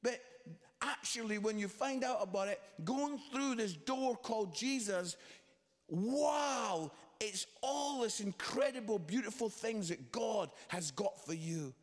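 A man preaching a sermon, telling a story with lively, animated delivery and quoted voices. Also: sits high, a little slow. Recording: long hall reverb.

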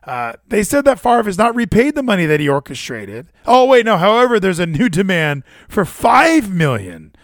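A man's voice: high voice, big pitch swings, moderate pace, few pauses, a bit bright, no echo, studio quality. A man streaming to his chat, reading news stories aloud and ranting about them in a casual, profane and incredulous way.

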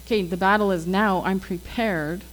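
A woman's voice: medium pitch, fairly even intonation, normal speed, faint music behind, low-quality recording. Chatty woman telling faith stories. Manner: acts out quoted dialogue, chatty with many "like"s. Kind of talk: casual testimony storytelling.

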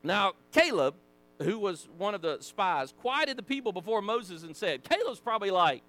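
A man with a Southern American accent teaching a Sunday school lesson, folksy and animated, acting out the people in the story. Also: high-pitched, normal speed. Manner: animated, acts out voices, folksy asides. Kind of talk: casual Bible teaching.

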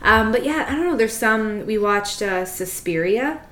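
A woman's voice: medium pitch, lively intonation, normal speed, a bit bright. Woman, late twenties, podcast host, casual chatty talk, echoey room. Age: late 20s. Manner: chatty, lots of fillers and likes, laughs easily. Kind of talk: casual chat.

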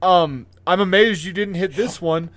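A podcast co-host with an unusually high voice for a man. He rants in casual chat with lively, profane energy, swinging from grumbling to excited outbursts. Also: moderate pace. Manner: animated, profane ranting.

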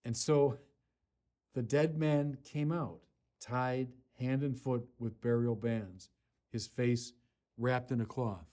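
A man preaching a sermon, unhurried with small restarts, rising to forceful emphasis on key lines. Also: medium pitch, fairly even intonation.

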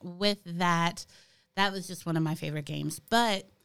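A woman's voice: on the low side, measured pace, creaky, fairly bright tone, smooth. A middle-aged woman talking casually as a podcast co-host, chatty and hesitant, with many ums and restarts. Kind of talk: casual chat.

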